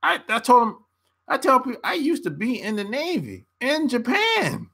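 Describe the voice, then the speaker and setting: A man's voice: extremely high pitch, wildly swooping pitch, normal speed, gravelly, fairly bright tone, husky. An American man, a relationship coach, giving a blunt casual opinion rant to camera and laughing often.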